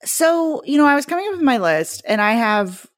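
A woman's voice: high voice, very animated, moderate pace, dry recording, studio quality. A woman guesting on a podcast, gushing and chatty with many fillers. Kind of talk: casual podcast chat.

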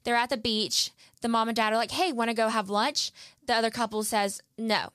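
Podcast co-host, young woman, higher voice, animated storyteller, dry close sound. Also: brisk, dry recording. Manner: animated storyteller, acts out quotes, laughs often. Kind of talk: casual chat, storytelling.

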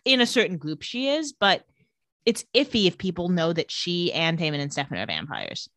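A woman co-hosting a casual recap chat, sarcastic and quick to laugh. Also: on the low side, sing-song, fairly bright tone, no room sound. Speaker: podcast co-host.

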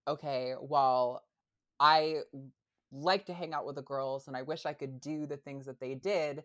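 Young woman talking haltingly as a guest. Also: very deep voice, fairly even intonation. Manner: hesitant, many fillers and restarts. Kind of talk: casual interview chat.

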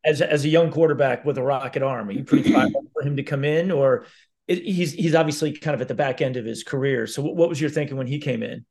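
A man hosting an interview who asks questions in a halting way, often restarting his sentences. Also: medium pitch, gravelly, a little mellow. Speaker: podcast host. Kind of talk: casual interview.

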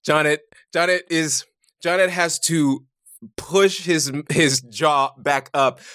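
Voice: medium pitch, slow, a bit bright, clear, resonant tone, no room sound, clean studio sound. A player in a tabletop game describing the action casually with many fillers. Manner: chatty, uses many fillers, laughs often.

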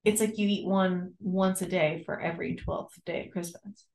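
A woman's voice: fairly low pitch, fairly even intonation, normal speed, creaky, darkish tone. A young woman co-hosting a podcast, chatting casually and giggling, with lots of "like" fillers. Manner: giggly, chatty, says "like" a lot. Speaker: podcast co-host. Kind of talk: casual chat.

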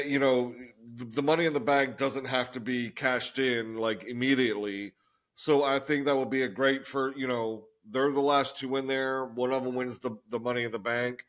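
Laid-back podcast co-host, short answers. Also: male voice, medium pitch, a bit bright. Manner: laid-back, brief, says he keeps it short. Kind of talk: casual wrestling podcast chat.

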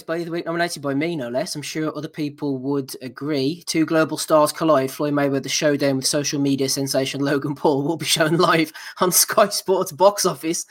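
A man hosting a casual boxing podcast, reading out listener nominations with dry, mocking asides. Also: fairly high pitch. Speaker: podcast host.

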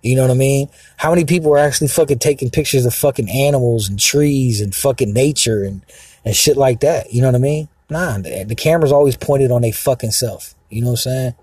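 A man's voice: medium pitch, brisk, a little mellow, slightly rough, dry recording. A man ranting in a rambling, profane, agitated monologue with many fillers. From Mexican heritage. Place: outdoors, sitting in a car.

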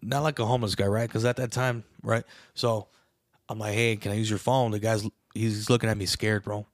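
A young man casually telling a long story on a podcast, animated and profane, calling everyone bro. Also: on the low side, fairly quick, dry recording, studio quality. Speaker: podcast co-host.

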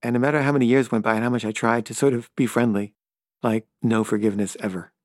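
A man's voice: mid-range voice, steady tone, fast talker, darkish tone, dry recording, clean studio sound. Rambling middle-aged man telling a story. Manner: loose and rambling, full of "like" and "kinda"; stammers and repeats himself when flustered. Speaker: filmmaker. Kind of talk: casual spoken anecdote.

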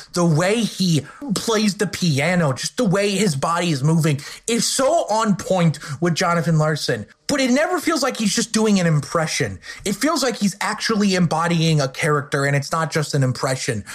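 A man hosting a casual podcast film discussion, who talks with enthusiasm and mocks himself in jokes. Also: fairly high pitch. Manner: enthusiastic, jokey, self-mocking. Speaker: podcast host.

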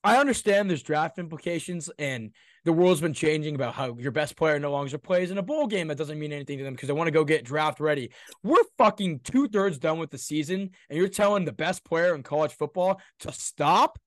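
A young man co-hosting a sports podcast, talking in a heated, ranting way and swearing freely. His voice sits a little high. The sound is dry and close. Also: expressive, fairly quick, no echo. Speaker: podcast co-host. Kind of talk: casual sports talk.

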